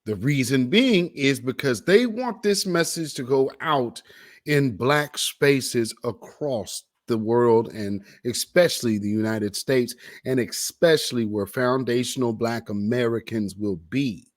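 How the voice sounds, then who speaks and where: A man's voice: medium pitch, unhurried. A man hosting a commentary show, reacting to video clips in an emphatic, preachy way and drawing out the words he stresses. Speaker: commentary host.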